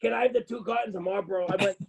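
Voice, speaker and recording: A man with a New Jersey accent telling a story in casual chat, profane and animated, acting out the people he quotes. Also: sits high, very fast, creaky, slightly rough, dull audio. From Bloomfield, New Jersey. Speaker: podcast guest.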